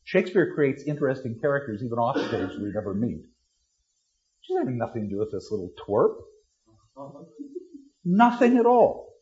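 A middle-aged man teaching literature, lecturing with lively, dramatic delivery and acting out lines of verse. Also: mid-range voice, brisk, highs cut off. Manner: animated, acts out lines dramatically.

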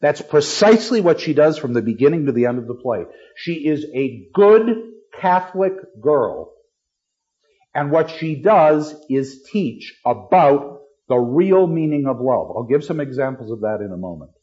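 Animated man lecturing on poetry. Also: medium pitch, moderate pace, lo-fi sound. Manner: animated, acts out lines dramatically. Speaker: literature teacher.

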